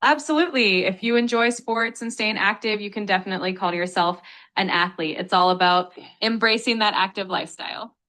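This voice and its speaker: Bright, upbeat synthetic woman tutor. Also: mid-range voice, brisk. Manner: polite, upbeat, explanatory. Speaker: AI English tutor. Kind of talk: patient vocabulary explanation.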